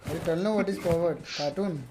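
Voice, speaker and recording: A man's voice: fairly high pitch, a little fast. Guy streaming a shooter, joking around, noisy audio. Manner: teasing, excitable, answers chat questions. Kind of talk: live gaming stream chat.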